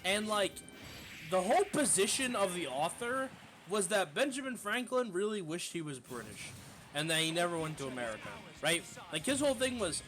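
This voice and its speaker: A man streamer telling a casual, profane story in an animated way, full of fillers. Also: sits high, moderate pace, soft background music.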